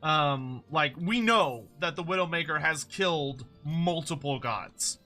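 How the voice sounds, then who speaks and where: A man's voice: on the high side, a little slow, bright, forceful tone, soft background music. A man streaming a game, chatting casually and rambling with fillers. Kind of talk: casual gameplay commentary.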